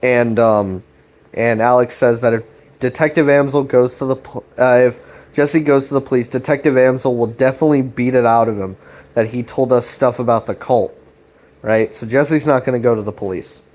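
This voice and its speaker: A man rambles through a casual recap of a web series, swearing freely as he paraphrases each character's lines. His voice sits at an ordinary middle pitch, and he retells the scenes loosely with restarts. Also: fairly even intonation, moderate pace, darkish tone. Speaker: commentary channel host.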